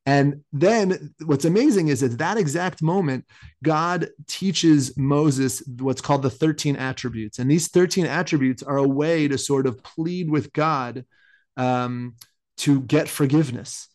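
A married man co-hosting a casual podcast chat, thinking aloud about scripture with many restarts and animated asides. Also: a little high, unhurried. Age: adult, married. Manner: rambling, self-interrupting, animated. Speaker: podcast co-host.

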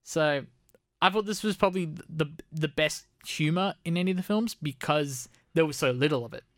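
Young man, podcast co-host, dismissive laughing critique, slightly raised pitch. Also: brisk, dry recording, studio quality. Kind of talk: casual film review chat.

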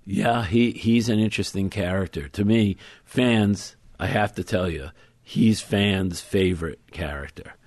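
Author guest, low male voice, thoughtful and measured, dry close studio sound. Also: darkish tone, dry recording. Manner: thoughtful, measured, explains at length. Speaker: author being interviewed. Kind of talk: conversational interview.

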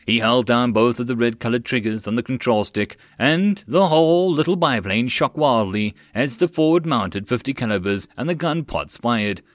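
A man's voice: mid-range voice, moderate pace, hardly any pauses, dry recording. Man narrating a web novel audiobook. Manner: steady, plain reading with occasional stumbles. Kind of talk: reading a web novel aloud.

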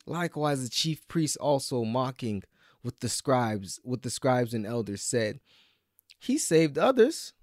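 A man preaching a sermon with passion, swinging between loud pleading and hushed whispers. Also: medium pitch, measured pace, dry recording, clean studio sound.

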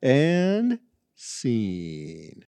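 A man's voice: medium pitch, wildly swooping pitch, extremely slow, creaky, warm tone, clean tone, dry recording. A man co-hosting a podcast about improv, with a mid-range voice and a wry, joking manner. The recording is dry and close. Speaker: podcast co-host, producer. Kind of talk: casual podcast chat.

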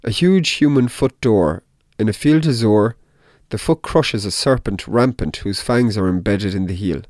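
A man's voice: lowish voice, normal speed, a little mellow, no echo, studio quality, close to an everyday voice. A man voicing a tipsy, proud nobleman dressed as a jester, in a dramatic audiobook reading.

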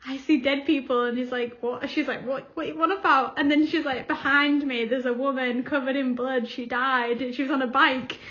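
A woman's voice: high voice, fairly even intonation, moderate pace, hardly any pauses, pushed and bright, dull audio. A young woman co-hosting a podcast, telling stories in casual chat and acting out quotes with frequent laughter. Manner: chatty storytelling, acts out quotes, laughs often. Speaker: podcast co-host.

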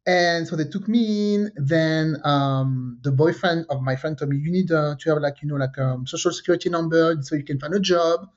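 Woman storyteller, low voice, lo-fi. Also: normal speed, few pauses. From France. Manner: animated storyteller, acts out quotes, laughs often. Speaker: podcast co-host. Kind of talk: casual chat, storytelling. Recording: dull lo-fi sound.

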